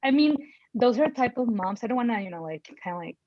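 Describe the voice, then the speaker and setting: A woman in her thirties speaks candidly as a parent on a panel, outspoken and animated, acting out the people in her stories. Her voice sits a little high. The sound is dry and slightly muffled, like a video call. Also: quick pace, no room sound. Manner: outspoken, animated, full of fillers and voiced quotes. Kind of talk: personal storytelling in a panel conversation.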